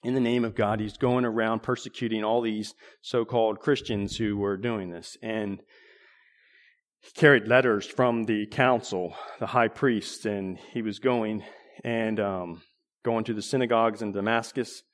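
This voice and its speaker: A man preaching a sermon in a conversational way, restarting phrases and clearing his throat now and then. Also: on the low side, fairly even intonation, unhurried.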